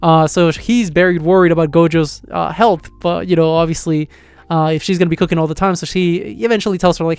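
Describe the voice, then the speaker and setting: A man giving a casual, rambling reaction review of a manga, full of fillers and excited retelling. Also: on the high side, fast, clean tone, no echo.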